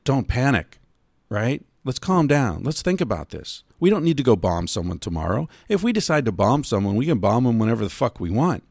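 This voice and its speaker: A man hosting a solo podcast, ranting profanely, dropping low and calm and then rising loud and high. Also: fairly quick, creaky, husky, no echo, clean studio sound. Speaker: podcast host.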